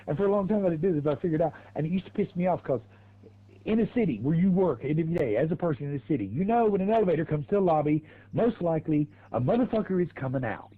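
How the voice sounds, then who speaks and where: A man's voice: on the high side, lively intonation, fast, phone-quality sound. A man streaming a racing game, telling crude stories in a rambling, laughing way. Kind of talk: casual storytelling while gaming.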